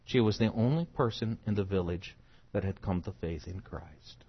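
A middle-aged preacher delivers a sermon in a low, husky voice. He is emphatic and swings from soft to loud. The recording sounds muffled and dull. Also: normal speed. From United States.

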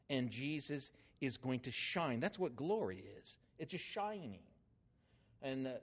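An older man preaching a sermon, telling a story with swings in emphasis and loudness. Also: mid-range voice.

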